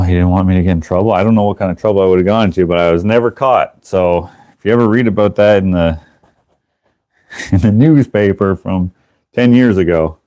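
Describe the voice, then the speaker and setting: A man hosting a live stream, telling a rambling, animated story with casual swearing and laughter, jumping into high voices to act out other people. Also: dry recording. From Canada. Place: indoors, working on a craft while streaming.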